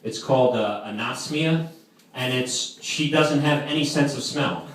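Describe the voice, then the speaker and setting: A man's voice: mid-range voice, measured pace, a bit bright. A man in his twenties doing live stand-up comedy for a camp crowd, rambling with lots of "like" fillers. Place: camp hall with live audience. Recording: echoey distant room with noise.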